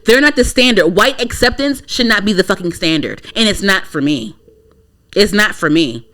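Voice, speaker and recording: Animated and a bit bright, her mid-range voice keeps a moderate pace. The young woman, a podcast co-host from the DC area, rants bluntly and profanely in a casual opinion chat.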